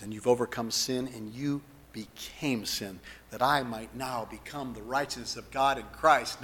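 A man preaching and leading the listeners in an earnest spoken prayer, moving between hushed lines and fervent ones. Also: medium pitch, in a large hall. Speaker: pastor.

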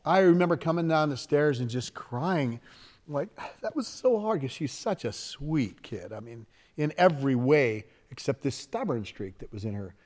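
A man's voice: medium pitch, animated, moderate pace, darkish tone. A middle-aged man preaching a sermon in a folksy, conversational way, with asides and laughter shared with his congregation. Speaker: pastor.

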